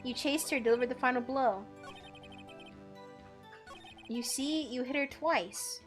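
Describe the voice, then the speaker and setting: A woman's voice: high voice, a little slow, faint music behind. A young woman streamer chatting casually and giggling while playing a game. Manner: giggly, chatty, self-correcting. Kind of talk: casual gameplay commentary.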